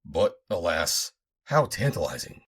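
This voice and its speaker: Man narrating an audiobook, husky, lower voice, lively delivery. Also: a little slow. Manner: dramatic, expressive reading. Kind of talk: first-person audiobook narration.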